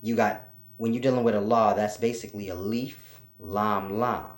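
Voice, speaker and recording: A man giving an informal spiritual teaching, slow and repetitive, spelling out letters for emphasis. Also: lowish voice, fairly even intonation. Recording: roomy echo.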